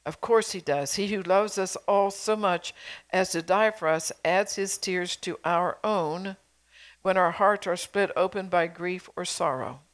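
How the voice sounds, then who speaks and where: A woman's voice: on the low side, steady tone, unhurried. A middle-aged woman preacher delivering a sermon, earnestly exhorting her congregation with rhetorical questions.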